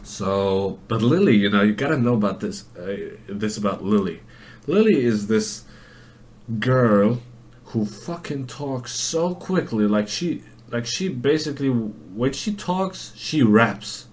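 Male podcast host, unhurried, rambling and profane. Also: mid-range voice, animated, a little mellow. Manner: rambling, profane, lots of fillers. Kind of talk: casual monologue.

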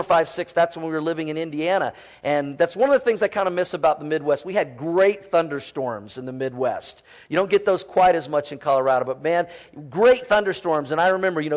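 A pastor in his forties preaching to his congregation, telling warm family stories in a folksy, animated way. His voice sits high for a man, and he leans on casual fillers as he talks. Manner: animated, folksy storytelling with many "you know" fillers. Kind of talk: sermon.

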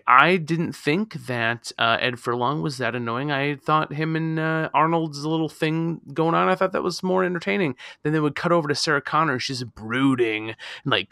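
A man on a casual movie podcast with a gravelly, bright voice that sounds close to the mic. He gets animated and swears freely as he picks the characters apart. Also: on the high side, a little fast, no echo. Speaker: podcast co-host.

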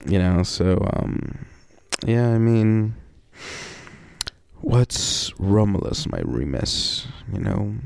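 A man's voice: lowish voice, animated, drawn-out words, vocal fry, a little mellow, dry recording. A man in a casual personal monologue, rambling and reflective, leaning on "you know" and swearing often, with wry sighs and laughs between thoughts.

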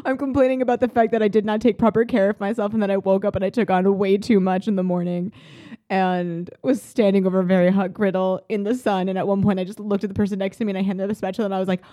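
Woman cohost, giggly and chatty, mellow voice, kinda muffled dry sound. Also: mid-range voice, flat delivery, quick pace, no echo. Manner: giggly, warm storyteller, laughs often. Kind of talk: casual chat.

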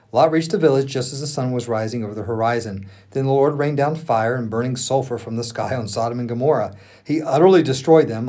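A male pastor reading scripture aloud with earnest, expressive emphasis. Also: medium pitch.

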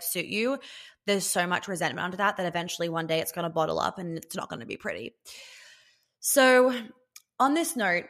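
A woman's voice: lowish voice, a bit bright. A woman hosting a podcast as a relationship coach, talking casually and bluntly, swearing freely and filling her speech with "like". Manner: chatty and blunt, swears freely, many "like" fillers.

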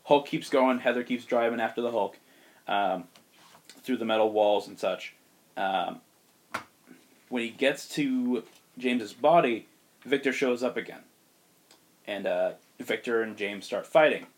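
A man hosting a chat, retelling a story in a loose, animated way. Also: medium pitch, measured pace, long pauses. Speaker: host pitching a movie story.

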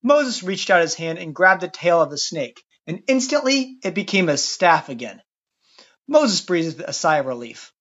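Lively, wry podcast storyteller. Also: mid-range voice, moderate pace. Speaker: podcast narrator. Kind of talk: comic scripted Bible storytelling. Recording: dull lo-fi recording.

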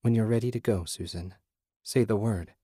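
Brief: soothing otherworldly spirit chorus, low and hushed, voiced by a man. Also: husky, no echo, studio quality. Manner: soothing, gentle, unhurried.

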